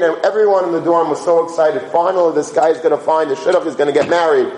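A man giving an animated sermon-style talk to students, telling stories, asking rhetorical questions and mixing in Yiddish and Hebrew words. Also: fairly high pitch. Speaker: yeshiva teacher giving a talk. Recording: roomy echo, faint background hum.

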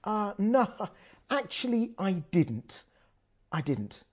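A man voicing an anxious, sheepish husband who talks hesitantly and quietly, with a husky tone. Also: high voice, sing-song, slow, pitched above the performer's own voice, full character voice. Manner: hesitant, muttering to himself.

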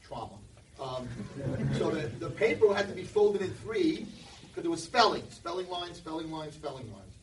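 Guy telling a funny story from a stage, lively up-and-down voice, echoey room, kinda far off. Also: fairly high pitch, normal speed, noisy background. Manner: animated, acts out the characters. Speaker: speaker. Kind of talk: humorous storytelling speech. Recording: roomy echo from far off.

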